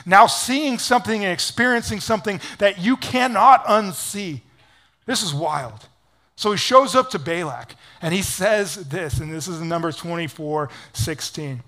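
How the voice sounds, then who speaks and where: A man pastor preaching a sermon in an energetic, casual storytelling way, full of "like". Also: high voice.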